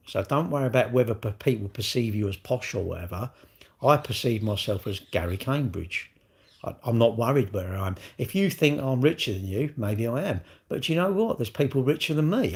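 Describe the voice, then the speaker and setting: With a slightly rough, medium-pitched voice, this middle-aged man with a British English accent answers his livestream chat in a relaxed, meandering way.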